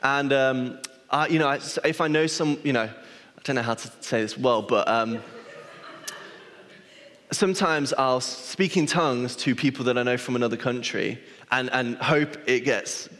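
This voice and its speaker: A man's voice: mid-range voice, unhurried, fairly bright tone. A man, a pastor giving a sermon and telling self-deprecating stories with a chatty, restarting delivery. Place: church hall. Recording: long reverb of a church hall.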